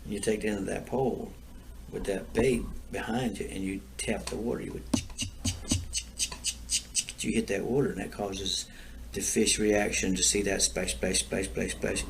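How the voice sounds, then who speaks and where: A man's voice: low voice, level tone, normal speed, gravelly, background noise. An older man from Florida telling rambling stories in a casual chat, repeating himself and laughing at his own tales. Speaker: storyteller guest. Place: outdoors.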